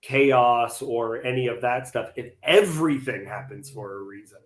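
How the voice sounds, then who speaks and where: A man with a mid-pitched voice talks reflectively as host of a casual chat. His voice rings in a roomy, echoey space. He speaks in an easy, conversational way. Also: moderate pace. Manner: reflective, conversational, uses fillers like "like". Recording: echoey room.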